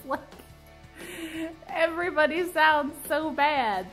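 A woman's voice: high-pitched, expressive, a little slow, pauses often, sharp tone, faint music behind. A woman in her twenties vlogging casually about her own writing, dramatic and self-mocking, laughing often, with mock-anguished outbursts. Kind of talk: casual confessional vlog.

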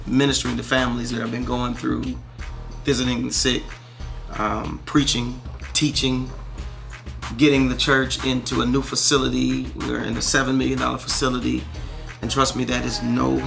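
A man's voice: medium pitch, vocal fry, fairly bright tone. A man who is a pastor and gospel singer, talking candidly to camera in a casual vlog from his church office and laughing often.

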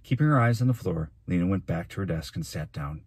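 Teacher guy reading a kids book out loud, really low husky voice, dry sound. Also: quick pace, dry recording. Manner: steady storytelling narration. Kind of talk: reading a novel aloud for children.

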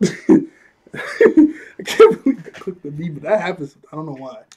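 A man's voice: a little high, sing-song, unhurried, darkish tone. A man casually recapping an anime episode, chuckling often and a bit out of breath, with a loose, apologetic way of talking. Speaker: anime reviewer.

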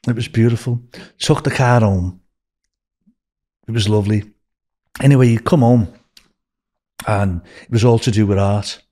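An older man with a Liverpool accent, telling rambling, animated anecdotes as a podcast guest. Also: lowish voice, normal speed, long pauses. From Liverpool, England. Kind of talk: casual storytelling.

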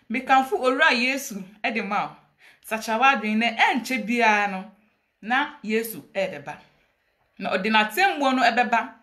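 A woman's voice: fairly high pitch, bright, forceful tone. A Ghanaian woman giving a dramatic, preachy confessional monologue on a social media live stream, mixing English and Twi. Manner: preachy, dramatic, laughing storytelling mixed with Twi. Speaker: livestreamer confessing.

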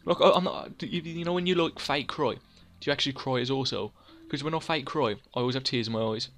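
A man's voice: mid-range voice, fast talker, a bit bright. A young man, hosting casual gameplay commentary in a rambling, self-mocking way, often talking to himself by name. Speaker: let's play host.

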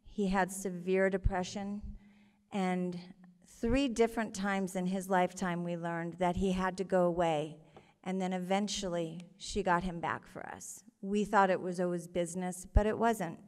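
A woman telling her own story live on stage before an audience, earnest and halting, with emotion in her voice. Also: lowish voice, steady tone, a little mellow, in a large hall.

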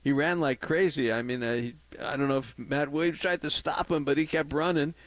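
A man's voice: on the high side, brisk, no echo. A man hosting a sports radio show, talking in an eager, folksy way and putting leading questions to his guest. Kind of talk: casual sports radio chat.

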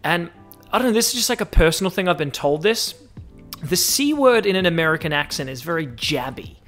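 A young Australian man hosting a casual solo podcast, talking in an animated, joking way and drawing out words when he lists things. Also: fairly high pitch, fairly quick, soft background music. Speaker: podcast host.

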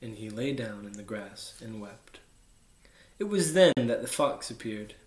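A young man, an athlete, reading a children's book aloud in soft, unhurried narration. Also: fairly low pitch, expressive. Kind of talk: storybook read-aloud. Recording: echoey room.

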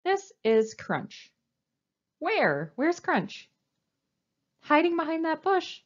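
A woman librarian reading a picture book aloud to young children, with an animated, coaxing sing-song delivery. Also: high voice, slow pace, lo-fi sound. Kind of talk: storytime read-aloud.

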